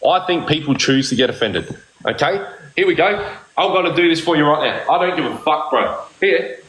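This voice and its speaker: A man's voice: fairly high pitch, animated, brisk, a bit bright, roomy sound, slight background noise, rough recording. A man ranting on a live stream, combative and swearing constantly. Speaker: livestream streamer. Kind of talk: heated live-stream argument.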